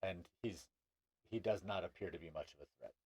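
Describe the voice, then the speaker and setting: A man running a tabletop game as game master, narrating in a halting way with many restarts. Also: low voice, darkish tone, slightly rough, dry recording.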